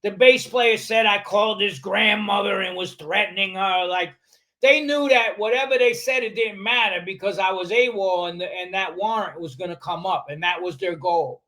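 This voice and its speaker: A man tells a story on a podcast, swearing freely and acting out what others said. His voice sits high for a man. He talks in a lively, streetwise way. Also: moderate pace. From New York, USA. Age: 60s. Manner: animated, profane, acts out other people's lines. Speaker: podcast guest. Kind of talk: storytelling in a casual interview.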